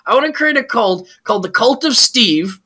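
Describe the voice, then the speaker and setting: Excitable rambling man on a panel. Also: very high-pitched, normal speed, husky. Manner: excitable, rambling, jokey rants with many restarts. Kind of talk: casual panel chat.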